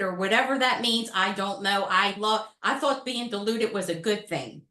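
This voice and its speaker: A middle-aged woman telling a personal story on a panel with animated, dramatic delivery. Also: mid-range voice, moderate pace, few pauses, echoey room. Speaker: panel speaker. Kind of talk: storytelling talk.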